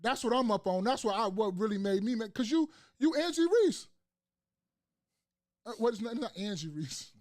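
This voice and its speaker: A man's voice: high-pitched, animated, moderate pace, darkish tone. A man hosting a casual podcast chat, ranting emphatically with slang and profanity and repeating phrases for emphasis. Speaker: podcast host.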